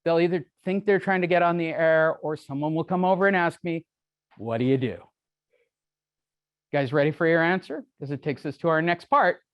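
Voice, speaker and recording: A man's voice: a little high, normal speed, no room sound, highs cut off. Brash joking man addressing a room. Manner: brash, joking, self-deprecating. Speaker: real estate speaker. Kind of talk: live seminar talk to a room. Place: meeting room with audience.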